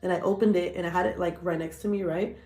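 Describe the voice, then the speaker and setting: A woman in her thirties, a vlogger telling stories in a blunt, profane, animated casual chat. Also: lowish voice, quick pace, echoey room.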